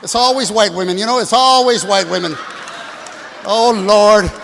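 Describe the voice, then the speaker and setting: A man in his sixties doing a stand-up comedy set, brashly working the crowd and shouting at the audience from a stage. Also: high-pitched, moderate pace, gravelly. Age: 60s. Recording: live hall with long reverb, faint room noise.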